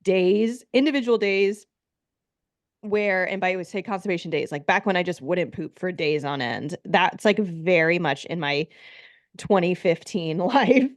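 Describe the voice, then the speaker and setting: Woman, podcast host, casual interview chat, chatty, reassuring, lowish voice, dry close sound. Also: measured pace, no echo. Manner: chatty, reassuring, many fillers. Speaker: podcast host, gut health therapist.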